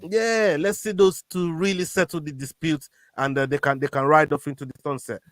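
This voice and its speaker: A man co-hosting a casual fight-sports podcast, talking in an animated way that often stammers and restarts when he gets worked up. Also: a little high, fairly quick, no echo, clean studio sound. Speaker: podcast co-host. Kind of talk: casual MMA chat.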